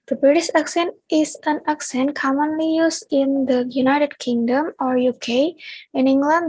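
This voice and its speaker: Reading her prepared script aloud, a young adult Indonesian student presents to her class in an Indonesian accent. She has a high voice, captured with no room sound in a low-quality recording.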